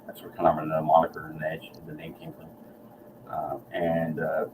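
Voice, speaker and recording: A man's voice: extremely low pitch, completely flat delivery, normal speed, far from the mic, noisy background. A man hosting a casual chat, telling a rambling, profane story and acting out what people said. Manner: rambling, profane, acts out quotes. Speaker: host. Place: guitar shop or room, San Antonio.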